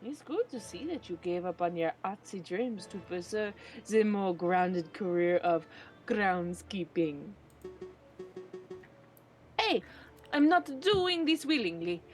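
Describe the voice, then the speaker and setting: A woman voicing a vain, touchy male photographer from a game with a put-on Italian accent and a lively, indignant delivery. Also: mid-range voice, slow pace, soft background music. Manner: indignant and boastful. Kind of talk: reading a game aloud on stream.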